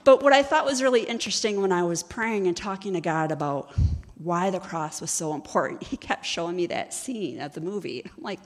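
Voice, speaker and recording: A woman's voice: fairly low pitch, fairly quick, long reverb tail. A woman giving a sermon-style teaching in a conversational, storytelling way, often asking her listeners questions. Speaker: ministry executive director teaching.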